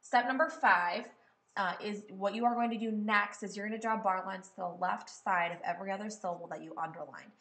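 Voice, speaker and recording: A woman's voice: medium pitch, pushed and bright. Female music teacher, patient explainer, middle register, recorded in a roomy space. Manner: patient, explains slowly, repeats words aloud to test stress. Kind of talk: step-by-step classroom tutorial. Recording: echoey room.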